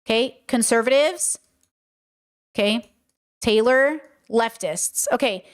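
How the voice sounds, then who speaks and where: High-voiced heated woman streamer. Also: lively intonation, slow. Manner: heated, profane, rhetorical. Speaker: streamer reacting to a clip. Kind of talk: casual live-stream commentary.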